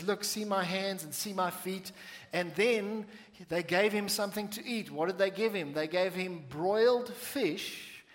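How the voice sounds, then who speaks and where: A man preaching a sermon to a church congregation, with playful asides and slowed-down emphasis on key lines. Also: sits high, long reverb tail. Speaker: pastor. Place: church sanctuary.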